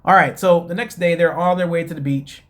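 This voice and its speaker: Male host with a slightly high voice, loose and chatty, rambling through a TV gossip recap aimed straight at his viewers. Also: fairly even intonation, fairly quick. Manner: chatty, addresses listeners as "guys"; rambling with many fillers. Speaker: show host. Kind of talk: casual reality TV recap.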